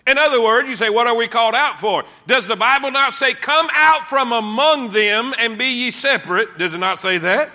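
A man's voice: very high voice, moderate pace, few pauses, pushed and bright. A man preaching a sermon, praying and then teaching with fervent call-and-response. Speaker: pastor.

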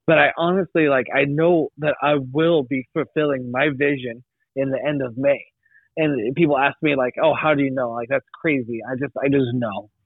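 A man's voice: medium pitch, fairly even intonation, moderate pace, no room sound. Rambling young man, tinny phone line. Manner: rambling, many restarts and likes. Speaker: podcast guest. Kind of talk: casual testimony.

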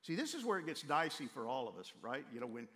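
A man's voice: mid-range voice, sing-song, fast talker, a bit bright. Conversational preacher man, reverberant hall. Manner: conversational, emphatic. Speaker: pastor. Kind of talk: sermon.

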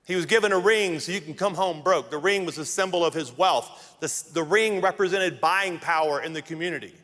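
A man preaching a sermon as pastor, emphatic, with dramatic pauses and acted-out quotes. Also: on the high side, a bit bright, in a large hall.

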